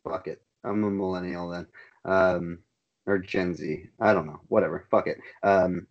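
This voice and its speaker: Profane young man ranting, low voice. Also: fairly even intonation, normal speed, highs cut off. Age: young adult. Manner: profane, ranting, laughs often. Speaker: podcast co-host. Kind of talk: casual chat.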